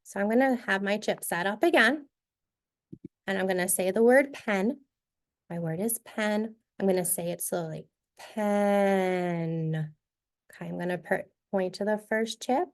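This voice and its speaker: A woman presenting a teacher-training session, modeling a reading activity step by step in a clear, instructive way. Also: medium pitch, moderate pace.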